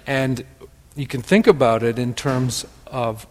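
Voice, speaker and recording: A man with a Wisconsin accent giving a gentle, pondering spiritual teaching, often repeating words for emphasis. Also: mid-range voice, unhurried, big-room sound.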